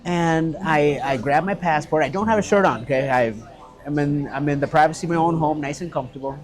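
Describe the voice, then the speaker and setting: A man telling a story in casual chat, animated and swearing freely, acting out what others said. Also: on the high side, brisk. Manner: animated, swearing, acts out quotes. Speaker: guest, restaurant owner.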